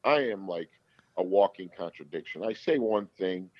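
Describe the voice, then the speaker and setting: A middle-aged man with a very low voice speaks as a guest, earnest and rambling, often restarting his sentences. The sound is dry and close. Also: moderate pace, no echo, low-quality recording. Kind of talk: candid conversational storytelling.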